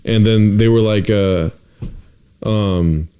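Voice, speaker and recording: This podcast co-host is a young man whose voice sits on the low side, slow and smooth. Chatting casually, he tells a long story with animation, performing the lines of the people involved and cursing without restraint.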